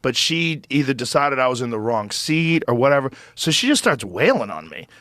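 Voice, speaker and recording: A man, a podcast host, telling a story in animated casual chat, laughing often. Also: medium pitch, a little fast, dry recording, clean studio sound.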